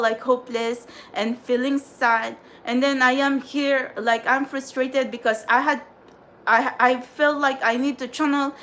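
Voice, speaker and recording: A woman with a high, light voice rants on her livestream, exasperated and scolding, circling back to the same points again and again. A faint hum sits behind her. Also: fairly bright tone. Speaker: tarot livestream host. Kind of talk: frustrated livestream rant.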